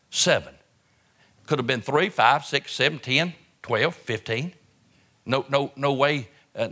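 A man delivering a sermon in an auditorium, with impassioned preaching that swings from hushed, low phrases to loud outbursts, often repeating words and restarting phrases. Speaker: pastor. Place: auditorium with an audience.

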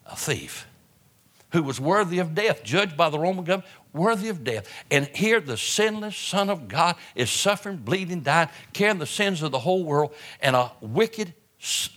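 A man delivering a sermon in an auditorium, with impassioned preaching that swings from hushed, low phrases to loud outbursts, often repeating words and restarting phrases. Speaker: pastor. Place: auditorium with an audience.

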